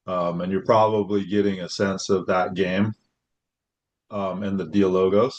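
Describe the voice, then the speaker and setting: A man's voice: low-pitched, little pitch movement, a little slow, a little mellow, dull audio. A man hosting a casual conversation, talking in a reflective, hesitant way with many fillers. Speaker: host.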